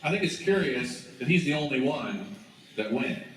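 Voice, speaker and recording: A man's voice: mid-range voice, big pitch swings, normal speed. A man speaking at a school chapel, retelling a story in a casual, conversational sermon and prompting the students to join in, recorded far off in a very echoey room with noise behind. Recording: very echoey chapel from afar, noisy.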